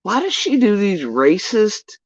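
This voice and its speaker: A woman's voice: medium pitch, sing-song, a little slow, breathy edge, no echo, rough recording. A woman hosting a livestream, ranting in casual, sarcastic and profane reaction commentary. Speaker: livestream host.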